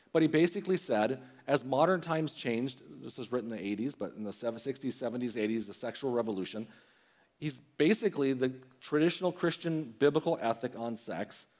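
A man's voice: medium pitch, a little mellow. A middle-aged man, preaching a sermon in a conversational way with restarts and quoted asides.

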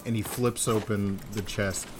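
A man's voice: lowish voice, steady tone, a little slow, background noise. A man who is the game master, narrating a tabletop game in a loose, filler-heavy way.

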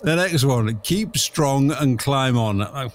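A man hosting a podcast in casual chat, lively and jokey as he leads a scoring game. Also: medium pitch, slow, slight background noise. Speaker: podcast host.

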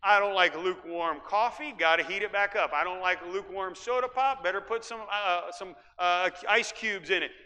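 A middle-aged man from Iowa preaching a sermon as pastor, emphatic and folksy, rising at times to shouts. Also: sits high, moderate pace, hardly any pauses. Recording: long hall reverb.

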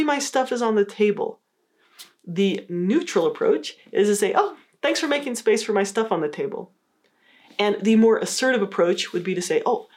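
A woman giving an explanatory talk on communication skills, coaching the listener and acting out example phrases. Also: medium pitch.

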